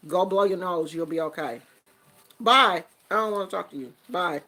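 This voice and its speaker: A woman's voice: lowish voice, normal speed, bright, forceful tone, voice pushed down, low-quality recording. A woman voicing her grown son, who brushes her off with curt, impatient lines. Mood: dismissive.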